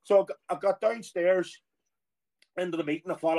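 A middle-aged man with an Irish accent and a fairly high voice for a man, spinning a lively anecdote. He talks casually and throws himself into the quoted voices as the story rolls on. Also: a little fast. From Ireland. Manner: animated storyteller who acts out quoted voices. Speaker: former footballer guest.

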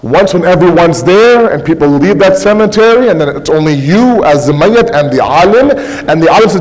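High-pitched man, sermon preacher, conversational, rhetorical questions, long hall reverb. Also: lively intonation, fairly quick, a little mellow. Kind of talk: religious sermon.

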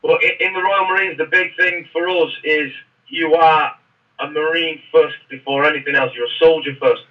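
Brief: man, fairly high, bright voice, rambling storyteller, mic distant and muffled. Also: steady tone, moderate pace. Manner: rambling, frequent restarts. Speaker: podcast guest, former Royal Marine. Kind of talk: casual interview storytelling. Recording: muffled, distant podcast audio.

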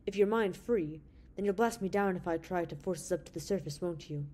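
A woman voicing a calm, steady male space hero in an audiobook, speaking in a measured way. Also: on the low side, natural voice.

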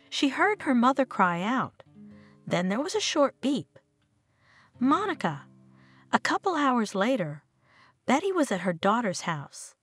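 A woman narrating an audio story in a steady, expressive reading. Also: medium pitch, a little slow, slightly rough, soft background music.

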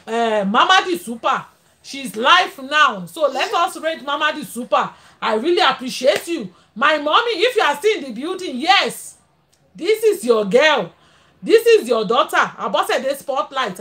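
Nigerian woman host, very high and animated voice, chatty and laughing, greets live-stream viewers. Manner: chatty, laughs often, switches into pidgin. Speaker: livestream host. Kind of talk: casual live-stream chat.

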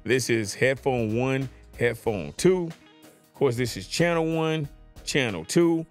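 A man's voice: medium pitch, takes it slowly, faint music behind. A man casually demoing a new piece of audio gear, joking around and often asking the listener if they follow him, speaking into a podcast microphone in a home studio. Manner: playful, chatty, keeps asking if you follow him. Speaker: tech gear reviewer. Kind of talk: casual product demo. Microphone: USB podcast mic on desk.

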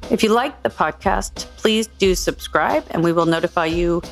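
A woman's voice: lowish voice, normal speed, creaky. Woman podcast host, echoey room. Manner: friendly, conversational, brief acknowledgements. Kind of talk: podcast interview. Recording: roomy sound with faint music.

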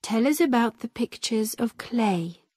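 A woman reading the lines of a calm, kindly gentleman questioning a family, with gentle, patient phrasing. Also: fairly high pitch, unhurried, breathy edge, no echo, clean studio sound.

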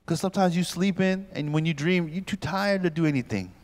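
A man in his forties, a pastor giving a humorous lecture at a youth camp, telling stories in an animated comic way and acting out scenes. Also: a little high, fairly quick. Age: 40s.

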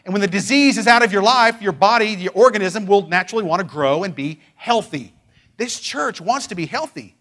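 Fervent high-voiced man preaching. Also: expressive, brisk. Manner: fervent preaching, swings from loud declarations to hushed pleading. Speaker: pastor. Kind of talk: sermon.

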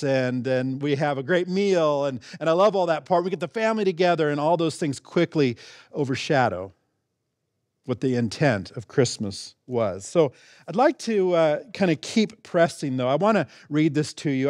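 A middle-aged male pastor preaching a sermon, conversational with restarts and asides, stressing key words with sudden jumps in pitch. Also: lively intonation, measured pace, darkish tone, dry recording, studio quality. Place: church sanctuary.

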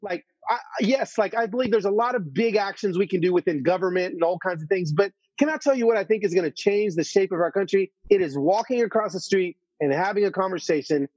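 A man's voice: high voice, brisk, few pauses, a little mellow, slightly rough, no echo, lo-fi sound. A man as an interview guest, telling a story earnestly, full of restarts and asides.

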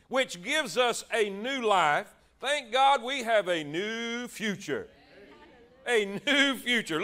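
A high-pitched man preaching at a slow, deliberate pace. He stretches out words for emphasis and calls on the congregation to respond. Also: sharp tone. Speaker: pastor. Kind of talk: sermon.

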